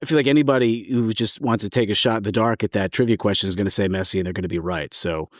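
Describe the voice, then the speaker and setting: A man's voice: fairly low pitch, fast, no echo, clean studio sound. An American man co-hosting a podcast, talking in long rambling stretches. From United States. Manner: rambling, chatty. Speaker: guest co-host. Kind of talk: casual chat.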